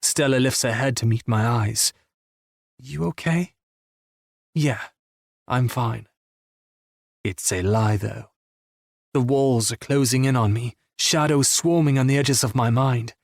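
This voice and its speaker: A man narrating a romance audiobook in the first person, with a subdued, intimate reading and a husky voice. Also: mid-range voice, fairly even intonation, a little slow, dry recording, studio quality.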